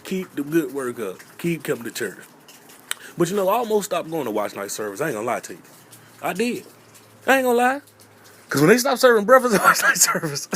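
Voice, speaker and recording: His voice is fairly high and a touch bright. A comedian from North Carolina, he tells playful stand-up stories about growing up in church, acting out voices and repeating "I'm just saying" again and again.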